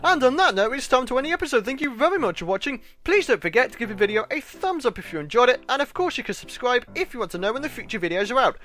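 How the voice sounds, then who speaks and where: A British man giving excitable let's-play commentary, yelling and pleading at game mobs and bantering with the creatures. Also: extremely high pitch, quick pace, few pauses. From Britain. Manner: jokey running chatter with game creatures. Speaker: gaming channel host.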